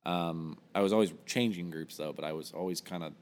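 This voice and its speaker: A man's voice: low-pitched, brisk, a little mellow, big-room sound. A young man chatting casually on a podcast, telling stories with plenty of swearing and laughter. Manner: profane, laughing storyteller. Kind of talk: casual chat.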